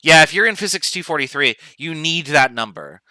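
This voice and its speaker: A male chemistry professor lecturing remotely in a casual, chatty manner. His voice is very bright and crisp, and the sound is dry, with little room around it. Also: a little high, fairly quick, no room sound, poor audio. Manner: relaxed, informal explaining with asides.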